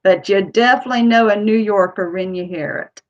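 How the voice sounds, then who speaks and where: A woman's voice: medium pitch, fairly quick, muffled recording. A woman from Ohio with a Kentucky accent, chatting to camera in a rambling way as a vlogger. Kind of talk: casual chat to camera.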